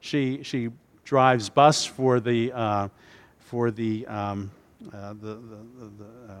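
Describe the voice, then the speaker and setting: A man preaching a sermon as a pastor, halting at times, repeating words and restarting phrases. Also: mid-range voice, fairly even intonation, clean tone, in a large hall.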